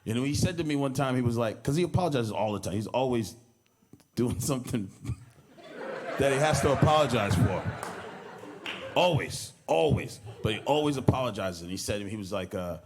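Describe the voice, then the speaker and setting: A man's voice: medium pitch, animated, fairly quick, noisy background. A man, a comedian, speaking informally at a memorial service, rambling through stories, acting out quoted lines and laughing as he talks. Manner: rambling storyteller who acts out quoted lines and laughs as he goes. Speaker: comedian giving a eulogy. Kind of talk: informal anecdotal speech at a memorial.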